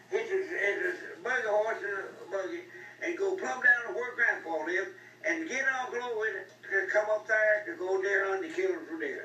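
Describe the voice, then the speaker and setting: A man's voice: high-pitched, sharp tone. Old man spinning rambling yarns. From Arkansas. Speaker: storyteller. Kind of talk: rambling folksy storytelling. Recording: echoey, mic far off, faint noise.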